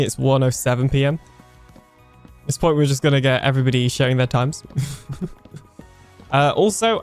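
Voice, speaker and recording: A young British man casually chatting on a live game stream, reading viewer comments aloud and laughing often as he trails off mid-sentence. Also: mid-range voice.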